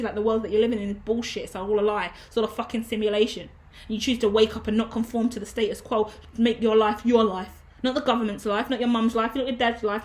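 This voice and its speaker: A woman giving a casual tarot reading, emphatic and preachy, swearing freely. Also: on the high side. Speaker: tarot reader.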